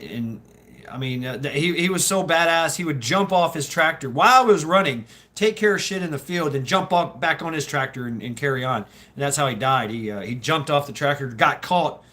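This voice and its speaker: A man's voice: fairly high pitch, brisk, pushed and bright. Rambling, cursing Southern man. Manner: rambling, profane, laughs often. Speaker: livestream host. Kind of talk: casual livestream chat.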